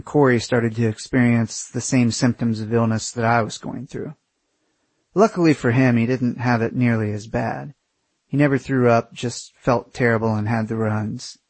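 A man's voice: medium pitch, a little mellow, dry recording. A young man narrating his own travel story in the first person, crude and wry.

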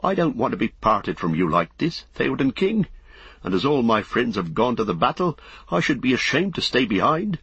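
Small earnest hobbit, pleading, stammering, high and strained, as a male reader puts him on, husky, muffled audio. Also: sing-song, moderate pace, fairly bright tone, no echo, heavily acted.

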